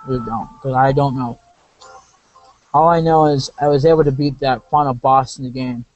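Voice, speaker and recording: A man's voice: mid-range voice, fairly even intonation, normal speed, muffled recording. A man giving casual, rambling gameplay commentary, correcting himself and drifting into asides. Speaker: let's play commentator.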